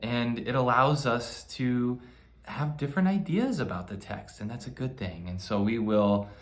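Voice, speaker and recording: A man, a pastor, explaining scripture in a thoughtful, relaxed church video chat. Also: medium pitch, normal speed.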